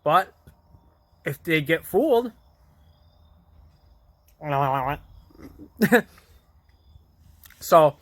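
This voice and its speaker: A man's voice: on the high side, animated, extremely slow, long pauses, fairly bright tone, no echo. A man vlogger casually retelling a TV episode in a rambling way, full of fillers, restarts and small chuckles. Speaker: vlogger reviewing a TV show.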